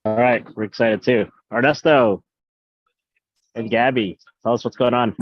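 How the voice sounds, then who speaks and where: A man's voice: mid-range voice, fairly even intonation, measured pace, no echo. A man hosting a team video call, upbeat and encouraging as he calls on members. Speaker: meeting host. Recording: dry, dull lo-fi call audio.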